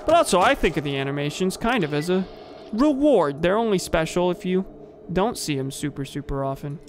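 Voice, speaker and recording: A man's voice: sits high, lively intonation, a little fast, a little hiss or hum. A young man casually commenting on a game he is streaming, wry and a bit rambling. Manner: wry, rambling, self-corrects.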